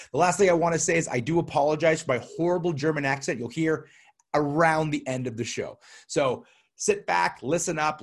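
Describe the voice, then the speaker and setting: A man hosts a podcast in a casual, chatty way, upbeat and loose. His voice sits at a middling pitch. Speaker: podcast host.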